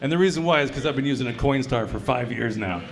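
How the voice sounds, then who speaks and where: A man's voice: mid-range voice, quick pace. A man performing a crude, conversational stand-up set at a brewery comedy showcase, often quizzing the crowd.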